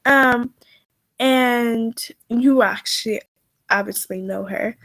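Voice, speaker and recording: A woman narrating as game master of a tabletop role-playing game, halting and full of fillers. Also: a little high, a bit bright, dry recording, low-quality recording.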